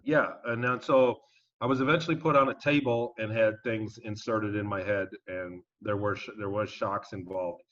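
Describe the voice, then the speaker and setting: A man being interviewed as a guest, telling his story in a casual, animated and emphatic way and swearing now and then. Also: fairly low pitch, normal speed. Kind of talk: conversational storytelling. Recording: dull lo-fi audio.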